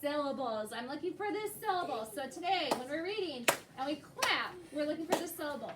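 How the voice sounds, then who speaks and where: A woman's voice: sits high, animated, brisk. A woman teaching a second-grade class, patiently prompting students by name with questions. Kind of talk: classroom instruction. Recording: echoey classroom, distant noisy mic.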